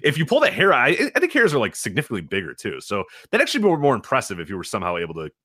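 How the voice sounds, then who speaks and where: A man's voice: mid-range voice, huge pitch swings, racing, bright, forceful tone, dry recording, studio quality. A man co-hosting a podcast in casual chat, rambling with frequent laughs and swearing. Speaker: podcast co-host.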